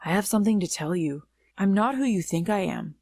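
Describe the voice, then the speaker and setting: A woman's voice: mid-range voice, lively intonation, fairly quick, dark tone, no room sound, studio quality. A woman voicing a bold, protective teenage big sister who poses as a boy, confident and plain-spoken in a storytime reading. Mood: earnest. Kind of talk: storytime narration.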